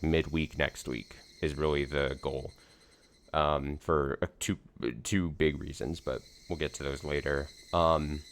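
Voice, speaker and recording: A man with a very low voice opens his let's play stream in a slightly hoarse, casual ramble. He talks in a loose, self-deprecating way and fills gaps with ums and likes. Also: slight background noise. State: slightly hoarse from screaming the night before. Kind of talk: casual stream chat before reading a visual novel.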